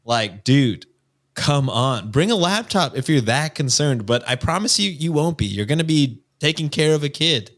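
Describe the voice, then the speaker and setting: A man's voice: fairly high pitch, expressive, normal speed. A man co-hosting a casual podcast, giving long earnest opinions with many hesitations. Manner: rambling, many "uh" fillers, earnest. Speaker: podcast co-host.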